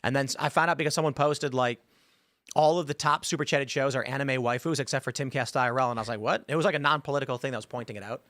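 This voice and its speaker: A man hosting a casual panel talk show, telling stories with quoted voices. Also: mid-range voice. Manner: fast, animated storytelling with quoted voices. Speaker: host.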